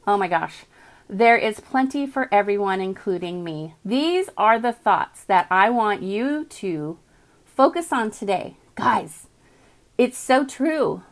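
Woman host, upbeat and chatty, live morning inspiration show read to viewers. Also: medium pitch. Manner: enthusiastic, chatty, addresses viewers as guys. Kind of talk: live-stream inspirational talk. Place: home, streaming live.

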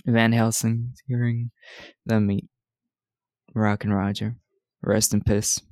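A man's voice: fairly low pitch, flat delivery, slow pace, darkish tone, dry recording. A man co-hosting a podcast, chatting casually and retelling movie scenes with lots of laughter. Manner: laughs often, retells scenes with quoted lines. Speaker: podcast co-host recapping a movie. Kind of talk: casual chat.

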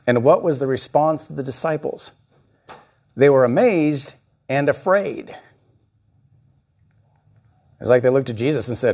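A man's voice: medium pitch, lively intonation, a little slow, pauses often, a little mellow, slightly rough. A male pastor preaching a sermon, reading scripture and acting out the voices he quotes. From United States.

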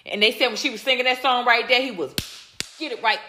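A woman commentator with a fast, sharp, high-leaning voice rants bluntly on a livestream, reacting to viewer comments. She is emphatic, repeats her points, and swears in a heated, casual opinion rant. The sound is roomy with slight background noise.

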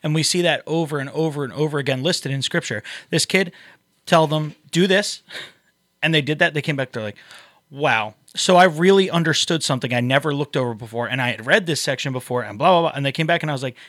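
A man who leads a youth group, talking casually about faith on a podcast, animated and quick to laugh. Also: on the high side, no room sound, studio quality. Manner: animated, laughs often, acts out quotes. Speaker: youth pastor.

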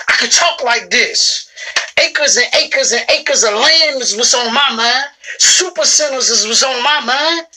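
Woman business owner, motivational vlog. Slightly high, bright, pushing voice. Emphatic and repetitive, preachy delivery. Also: a little hiss or hum, rough recording. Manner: emphatic, repetitive, preachy, calls listeners bro and sis. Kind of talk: motivational talk to camera. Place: in a shop.

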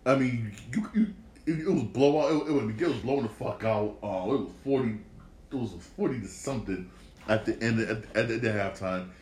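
In an echoey room with a faint ambient background, a podcast host speaks alone and unscripted, his mid-range voice a little fast and a little mellow. His talk is profane and repetitive, with frequent stumbling restarts.

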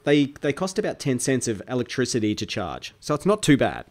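A man's voice: medium pitch, big pitch swings, brisk. A man with an Australian accent hosting a stream, chatting in a laid-back, matter-of-fact way with local slang. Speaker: stream host. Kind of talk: casual chat.

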